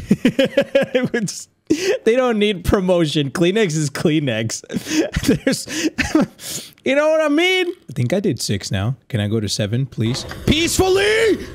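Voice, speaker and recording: A man giving rambling, nervous commentary while playing a horror game, breaking into nervous laughs. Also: medium pitch. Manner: jittery, rambling nervous chatter. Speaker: gamer.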